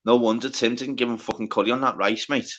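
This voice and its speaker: A man hosting a casual livestream chat, swearing a lot and talking in quick bursts full of filler words. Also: medium pitch, steady tone, a bit bright. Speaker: livestream host.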